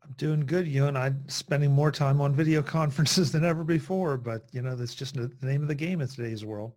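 A man talks in an easygoing way as a guest on a video-call panel. His voice sits at a middle pitch. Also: fairly quick, darkish tone. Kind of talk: casual chat over video call.

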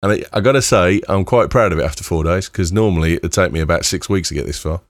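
A man's voice: deep voice, fast talker, no room sound, studio quality. A British man co-hosting a podcast, chatting and bantering casually. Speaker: podcast co-host. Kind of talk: casual chat.

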